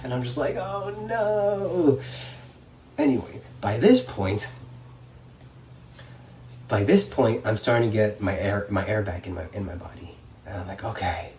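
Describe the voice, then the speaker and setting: Young guy telling a wrestling story, gets animated and does voices, mic a bit far off, faint hiss behind. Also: on the low side, normal speed, pauses often. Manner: animated, acts out voices and crowd reactions. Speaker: professional wrestler. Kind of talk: casual storytelling. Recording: slightly distant mic, faint background noise.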